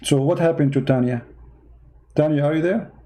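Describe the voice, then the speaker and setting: A man's voice: fairly high pitch, normal speed, dark tone, rough recording. A man with non-native English giving online commentary, arguing his point with rhetorical questions. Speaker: Christian commentator.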